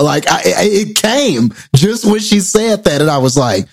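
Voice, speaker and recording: A man in his thirties talks casually with a lively, swinging pitch and a playful streak. The sound is dry and close. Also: a little slow, gravelly, hardly any pauses, husky, no echo. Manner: playful, sings snatches of old TV theme songs. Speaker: podcast co-host. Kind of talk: casual chat.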